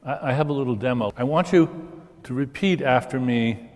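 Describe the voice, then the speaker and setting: A man's voice: mid-range voice, moderate pace, darkish tone. An older man with a mid-range voice explains with eager enthusiasm, repeating words as he restarts his sentences. His voice carries a long reverb, as if recorded in a large hall. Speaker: discussion guest. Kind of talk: conversational scholarly discussion.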